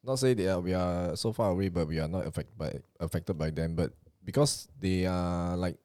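A man with a Singaporean English accent, co-hosting a podcast, asking quick questions and calling his friends bro. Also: low voice, a little mellow. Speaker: podcast co-host. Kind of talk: casual podcast banter.

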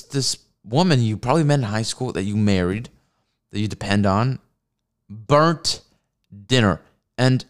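A man rants through a solo comedy podcast, rambling and swearing freely as he mocks whatever comes to mind. His voice is smooth and resonant. His pitch leaps around animatedly. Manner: profane, rambling, mocking. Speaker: podcast host.

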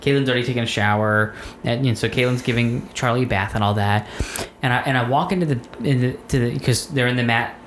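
A man's voice: mid-range voice, quick pace, few pauses. A man spins a long, rambling story in casual chat, swearing freely and restarting his sentences. His voice carries in an echoey room. A faint hiss sits under it. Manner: profane, rambling, animated.

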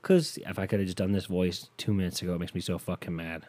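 A man's voice: sits low, level tone, fast talker, a little mellow. A man from the United States doing a solo comedic rant, profane, rambling and self-mocking.

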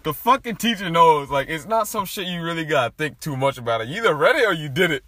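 A young man chatting casually, telling a profane, animated story with big bursts of laughter. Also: on the high side, fast, no room sound. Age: young adult.

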